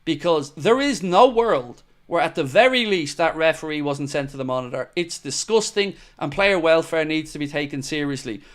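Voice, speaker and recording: Passionate fan show host. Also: male voice, a little high, expressive, normal speed, hardly any pauses. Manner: passionate, blunt, matey banter with chat. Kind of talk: live match reaction, reading viewer comments.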